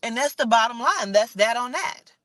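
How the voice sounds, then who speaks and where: Recorded dry, this woman speaks at a moderate pace with lively intonation and a pushed, bright tone. As a spiritual vlogger, she rants with fervor and swearing, circling back to stress each point like a sermon, and her voice drops to a quiet mutter as she admits her anger is rising.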